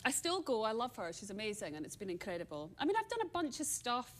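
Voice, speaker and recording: A woman's voice: fairly high pitch, sing-song, fast talker. A Scottish woman, a singer, chatting as a talk show guest and telling stories with easy laughter. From Scotland. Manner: chatty storyteller, laughs easily. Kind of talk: late-night talk show chat. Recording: studio audience behind. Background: studio audience.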